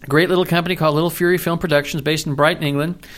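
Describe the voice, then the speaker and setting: A man's voice: on the high side, steady tone, racing, a bit bright. A man co-hosting a casual talk show, chatting playfully and sometimes putting on mock English accents. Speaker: co-host. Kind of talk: casual chat.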